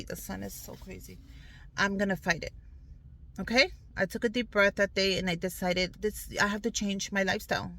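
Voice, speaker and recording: Sitting in a sunlit parked car, this vlogger in her thirties tells viewers about her health in an earnest, upbeat way. Her voice is medium-pitched with a sharp tone, and the audio is poor.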